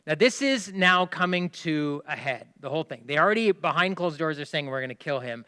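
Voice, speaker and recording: High-voiced man preaching emphatically. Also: lively intonation, normal speed, clean tone. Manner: emphatic preaching, swinging between loud stresses and hushed asides; explains by asking listeners to pay attention. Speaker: pastor. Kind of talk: sermon.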